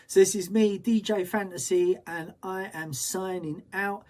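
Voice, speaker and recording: A man's voice: high-pitched, fairly even intonation, measured pace, noisy background. A man hosting as a DJ, chatting casually and upbeat, with loose slangy talk. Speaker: DJ and show host. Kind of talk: casual livestream chat.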